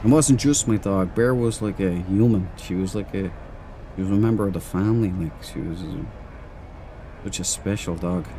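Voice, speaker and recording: A man's voice: low voice, moderate pace, dark tone, slight background noise. An Irish man streaming a space game, chatting casually to his viewers as he plays. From Ireland. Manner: chatty and rambling, talks to chat and in-game crew. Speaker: gaming streamer. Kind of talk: casual commentary over gameplay.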